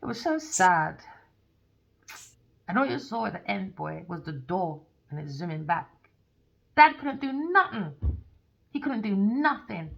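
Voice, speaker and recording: A woman's voice: medium pitch, sing-song, a little slow, creaky, pauses often, a bit bright, highs cut off. A tarot reader woman ranting in a heated, casual, profane way.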